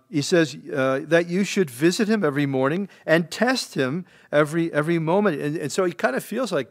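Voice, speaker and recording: A man's voice: fairly high pitch, animated. A man preaching a midweek Bible-study sermon as pastor, talking conversationally with frequent restarts and acting out the lines he quotes. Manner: conversational, halting, with many restarts and acted-out quotes. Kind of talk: expository sermon. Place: church sanctuary.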